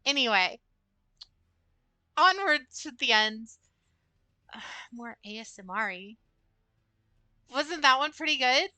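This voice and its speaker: A woman's voice: sits high, animated, takes it slowly, long pauses, pushed and bright, clean tone, no echo. A young adult woman streaming a game, chatting casually with viewers in a rambling way full of fillers. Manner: chatty, rambling, talks to chat with many fillers. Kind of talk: casual gameplay livestream chat.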